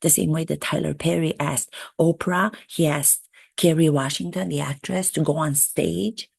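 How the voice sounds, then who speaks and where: A woman's voice: deep voice, steady tone, normal speed, gravelly, a little mellow, slightly rough, dry recording, full character voice. A woman impersonating a gossipy, self-absorbed royal duchess. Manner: rambling, chatty, self-pitying asides. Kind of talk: satirical impression monologue.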